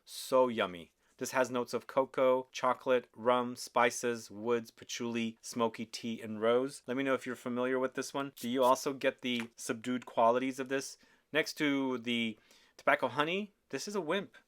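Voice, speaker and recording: A man's voice: medium pitch, fairly even intonation, normal speed, fairly bright tone, clean tone. A man hosting a casual perfume review, talking with enthusiasm and often asking viewers questions. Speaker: fragrance reviewer.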